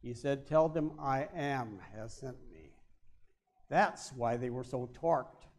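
A male pastor preaching a sermon, with emphatic stresses that drop to quiet, low endings. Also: expressive, slow pace. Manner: emphatic, swings between loud stresses and quiet drops.

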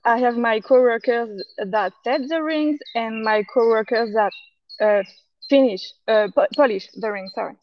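Brief: French-accented woman guest outdoors, halting speech, muffled audio with birds. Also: on the high side. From France. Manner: hesitant, searching for words with restarts. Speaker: guest, jeweler. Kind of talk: casual interview answers. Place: outdoors in a park.

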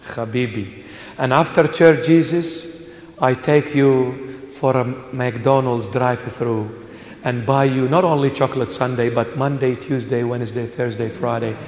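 A man preaching a sermon in a church, dramatic, swinging between hushed asides and loud exclamations. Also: mid-range voice, fairly even intonation, a little slow, roomy sound, long reverb tail. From Australia. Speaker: bishop preacher.

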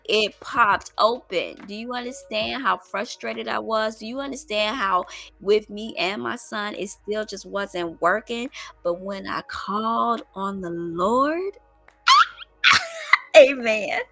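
A middle-aged woman telling a story to her viewers in casual, colloquial talk, calling them y'all and getting loud when excited. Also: medium pitch. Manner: animated, with loud exclamations and laughs. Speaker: vlogger.

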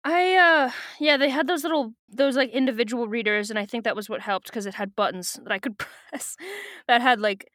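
A woman's voice: a little high, moderate pace, a bit bright, dry recording, studio quality. A young adult woman co-hosting a podcast, chatting casually and laughing as she recaps a book and acts out its lines. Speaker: podcast co-host. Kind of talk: casual book chat, summarizing and reading aloud.

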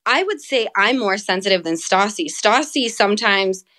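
A woman co-hosts a podcast from home, apart from her co-host, in a casual chat where she says "like" constantly and swears freely. Her mid-range voice has lively intonation and a sharp tone, at a normal speed.

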